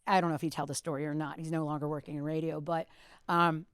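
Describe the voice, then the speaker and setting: A woman in her fifties, a radio host on a podcast, telling stories with big, lively swings into a high voice when she quotes people. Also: fast, clean tone, no room sound, clean studio sound. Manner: animated storyteller, acts out quotes in a high voice. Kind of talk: casual storytelling chat.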